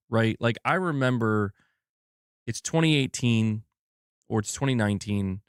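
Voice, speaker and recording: A man's voice: on the low side, dry recording, clean studio sound. A man hosting a live gaming news stream, talking casually and ranting candidly, swearing freely. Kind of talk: casual livestream talk.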